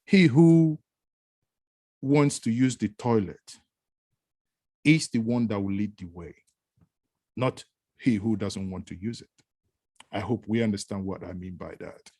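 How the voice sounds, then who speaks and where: A man hosting an online panel discussion over a video call, speaking in a measured, formal way. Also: fairly low pitch, dark tone, no room sound. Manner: measured, formal, uses adages. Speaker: host.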